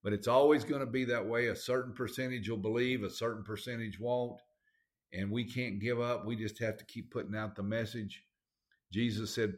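A man's voice: mid-range voice, fairly even intonation, normal speed. A man with a Southern accent preaching a sermon, folksy and emphatic, with plain everyday grammar.

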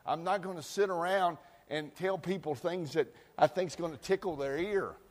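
A man preaching a sermon in a folksy way, moving from loud outbursts to quiet asides. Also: on the high side, normal speed, long reverb tail. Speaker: pastor.

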